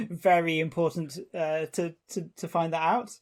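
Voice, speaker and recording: A man's voice: a little high, takes it slowly. A man co-hosting a podcast, telling stories in a chatty, repeating way and laughing often. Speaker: podcast co-host. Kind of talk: casual chat.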